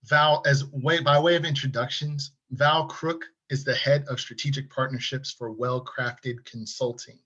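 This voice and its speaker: A man's voice: medium pitch, steady tone, a little slow, hardly any pauses, sharp tone, slightly rough. A man hosting an interview over a video call, reading a formal introduction and then chatting casually with his guest. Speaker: host. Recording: dull lo-fi sound.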